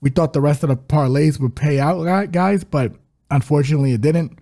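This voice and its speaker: A man's voice: fairly high pitch, fairly quick, warm tone. A man co-hosting a podcast, recapping bets in an easygoing, teasing way. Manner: easygoing, laughs, brotherly teasing. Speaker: co-host of a fight-betting podcast. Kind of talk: casual podcast chat, betting recap.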